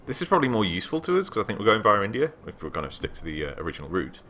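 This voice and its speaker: A man hosting a let's play, reading game text aloud with excited asides. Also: fairly low pitch, rapid-fire, slight background noise.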